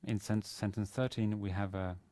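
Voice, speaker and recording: An Arabic teacher with a lowish, mellow, steady voice lectures on grammar at a university. He pauses often with hesitant fillers and restarts sentences, and the sound is dry and close with almost no room echo.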